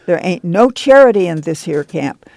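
A stern, commanding camp-leader woman with a rough, gravelly edge and a dark, dry tone, as a reader puts her on in a storybook reading. She scolds in a slow rural drawl, raised a little above the reader's own voice. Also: mid-range voice, animated, no echo. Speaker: reader doing character voices. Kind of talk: audiobook reading.

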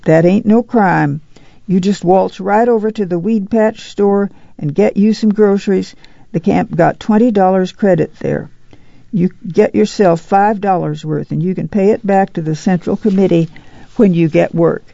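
A stern, proud woman who runs the migrant camp scolds in a commanding drawl, as an audiobook reader puts her on. Her voice sounds gravelly and dark in a dry, dull lo-fi recording. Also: medium pitch, normal speed, dry recording, voice pushed up, natural voice.

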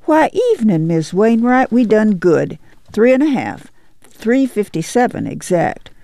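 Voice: mid-range voice, big pitch swings, unhurried, vocal fry, dark tone, no room sound, pitched above the performer's own voice. A reader voicing a weary, worried middle-aged farm mother who gives firm orders in rural dialect. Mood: urgent.

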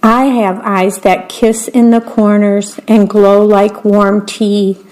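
A woman's voice: mid-range voice, little pitch movement, a little mellow, poor audio. A woman reading children's picture books aloud, patiently describing each picture as she goes. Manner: slow, plain and patient, pointing out the pictures. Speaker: story reader.

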